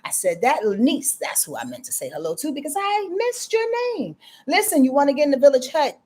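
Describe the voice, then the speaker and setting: A woman's voice: high-pitched, very animated, a little fast, warm tone. A middle-aged woman chatting casually as an astrologer hosting a livestream, greeting viewers by name and ranting freely. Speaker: astrologer and channel host.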